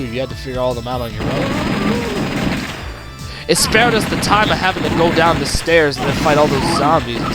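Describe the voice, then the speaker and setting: A man streaming gameplay, talking casually through the game and shouting at it when it goes wrong. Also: on the high side. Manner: excitable, groans and shouts at the game. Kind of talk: live gameplay commentary. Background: loud game music.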